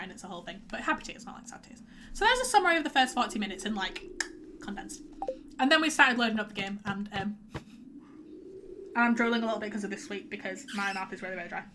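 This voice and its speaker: A young woman streams a game through a headset mic, her medium-pitched voice set against a noisy background. She chats in a rambling way, full of fillers, and reads chat messages aloud.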